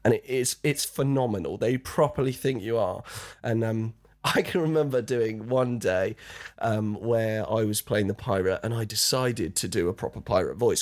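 A man's voice: medium pitch, animated, moderate pace. A man who is a guest actor, telling stories in casual chat and laughing often.

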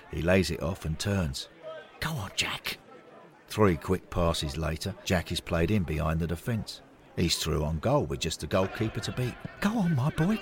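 A man narrating a scripted story in an unhurried, expressive way. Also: deep voice.

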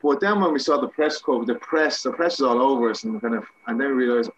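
Husky Irish man telling rambling stories. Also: mid-range voice, quick pace, a bit bright, dull audio. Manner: rambling, self-mocking anecdotes with many restarts. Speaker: guest, actor. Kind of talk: casual storytelling interview.

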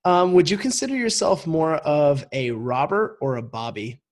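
A man hosting a podcast, chatting casually and teasing his guest with quick-fire questions. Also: fairly high pitch. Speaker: podcast host. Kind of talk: casual interview chat.

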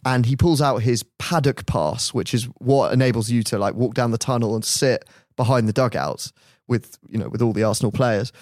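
Man telling an animated story. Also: mid-range voice, brisk, no room sound, studio quality. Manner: animated anecdote-telling, laughing often. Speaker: podcast host. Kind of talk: casual storytelling.

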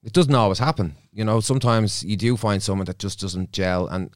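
A man's voice: on the low side, a little fast, no echo, studio quality. A middle-aged man, a therapist, talking reflectively as a podcast guest and telling stories from his own life. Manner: reflective, storytelling, often quotes himself. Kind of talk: casual studio podcast chat. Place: podcast studio.

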